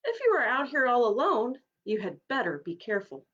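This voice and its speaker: A woman's voice: on the high side, huge pitch swings, brisk, a bit bright, dull audio, voice pushed up, exaggerated voice. A woman doing a haughty proud war horse. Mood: boastful. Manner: haughty, pompous.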